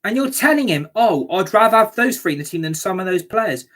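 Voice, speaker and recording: A woman's voice: mid-range voice, animated, a little fast, a bit bright. A woman ranting angrily as a football fan reacting to a match, sweary and scornful.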